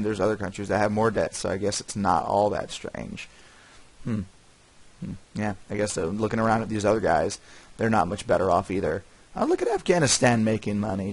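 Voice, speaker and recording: A man giving casual, rambling commentary while playing a strategy game, correcting himself often and dropping wry asides with soft chuckles. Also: fairly low pitch. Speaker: gaming channel host.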